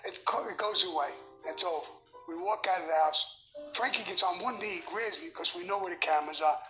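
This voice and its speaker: A man's voice: sits high, fairly quick, soft background music, rough recording. A man in his seventies, a guest in an interview, telling blunt, profane stories with lots of energy. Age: 70s. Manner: profane, blunt, animated storyteller. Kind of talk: candid storytelling interview.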